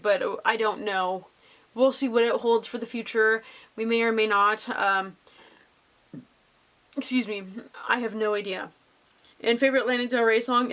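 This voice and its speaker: A woman's voice: fairly high pitch, fairly bright tone. A young woman casually answering viewer questions in a vlog, bubbly and gushing with lots of ums.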